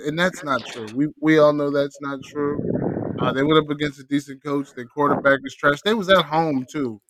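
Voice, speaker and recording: A man co-hosting a casual sports podcast, animated and profane, teasing his co-host. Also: fairly high pitch, moderate pace.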